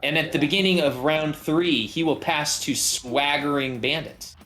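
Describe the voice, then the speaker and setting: A man running a tabletop game as game master, relaxed and jokey. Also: fairly high pitch, moderate pace, soft background music. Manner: relaxed, jokey, voices bandits in passing.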